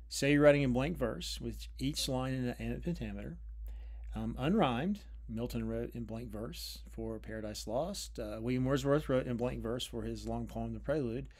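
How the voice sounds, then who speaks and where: A man of ordinary middle pitch gives an unscripted lecture on poetry. He talks thoughtfully and restarts phrases as he searches for words. His pace slows deliberately on key points. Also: a little mellow. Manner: thoughtful, with frequent restarts and drawn-out pauses.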